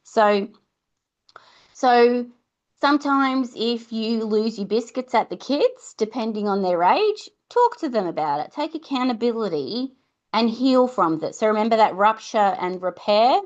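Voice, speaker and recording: A woman's voice: medium pitch, lively intonation, measured pace. Chatty woman, lo-fi. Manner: chatty, warm reassurance, acts out mum-and-child exchanges. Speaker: podcast host. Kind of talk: casual advice talk.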